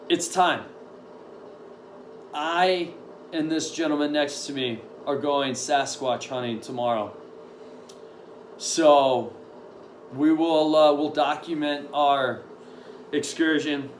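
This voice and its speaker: Rambly upbeat gym coach guy, mid pitch, big echoey room. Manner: upbeat, rambling with many ums. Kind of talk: casual gym update and workout briefing. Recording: echoey room with faint noise.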